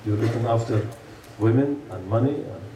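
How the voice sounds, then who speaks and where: A man's voice: mid-range voice, normal speed, warm tone. A man giving an earnest sermon, asking rhetorical questions and telling stories to a congregation. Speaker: preacher. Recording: echoey room, mic far off, faint hum.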